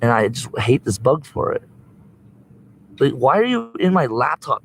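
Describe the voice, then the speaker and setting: A man's voice: mid-range voice, sing-song, a little slow, vocal fry, poor audio. A young man livestreaming from his laptop, talking into its built-in webcam mic indoors. His voice swings up and down as he rants and curses in an agitated, rambling way, with faint hiss behind him. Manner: profane, agitated ranting.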